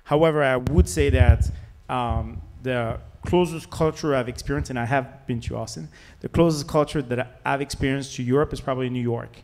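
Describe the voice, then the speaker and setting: A man's voice: mid-range voice, moderate pace, darkish tone. A man with a French accent, an investor on a startup panel, answering candidly and with jokes, with many "like" fillers. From France.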